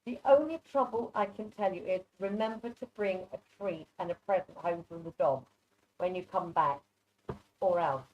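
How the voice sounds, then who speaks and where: A woman's voice: on the low side, moderate pace, slight background noise. Chatty psychic reader, woman, affectionate, dull online call audio. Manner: affectionate, chatty, calls people darling. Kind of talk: live online readings.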